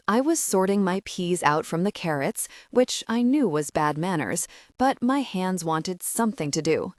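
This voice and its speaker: Woman audiobook narrator; low voice, dry close recording, measured first-person reading. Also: expressive, no echo.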